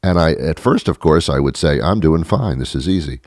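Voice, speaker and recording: A man's voice: very deep voice, normal speed, dry recording, clean studio sound. A man telling a rambling, exaggerated comic story about himself, acting out the lines of the people in it. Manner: rambling, exaggerated, animated retelling with acted quotes.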